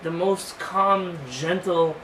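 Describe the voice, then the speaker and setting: A male rabbi giving a sermon-style lecture, telling stories with animated acted dialogue and reading Hebrew quickly before translating it. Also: sits high. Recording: roomy sound from a distant mic, faint noise.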